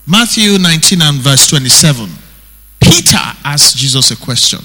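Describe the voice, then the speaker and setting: A male pastor with a Nigerian accent, preaching an animated sermon that acts out the scriptures he quotes. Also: a little high, moderate pace. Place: church hall. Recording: breathy voice in long hall reverb.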